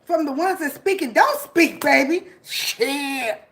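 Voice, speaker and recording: A woman with a high voice speaks slowly and with feeling, giving her audience a motivational monologue. She laughs often, curses freely and swings between hushed reflection and loud celebration. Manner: animated, laughing often, swearing, hyped. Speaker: vlogger.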